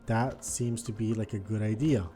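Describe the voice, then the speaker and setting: A man giving casual gameplay commentary, thinking aloud and swinging between quiet muttering and frustrated outbursts. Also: fairly low pitch, steady tone, moderate pace, faint music behind. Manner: thinks aloud, repeats words and restarts. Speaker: gaming video host.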